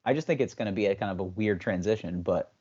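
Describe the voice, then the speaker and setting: A young adult man co-hosting a podcast, telling a story in casual chat and jumping into high voices for the people he quotes. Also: fast talker, darkish tone, husky. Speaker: podcast co-host. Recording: slightly dull, lo-fi sound.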